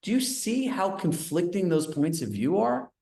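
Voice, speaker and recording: A man coaching sales agents at a training session, animated, telling stories and asking the audience questions. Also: sits high, moderate pace, vocal fry. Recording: roomy echo.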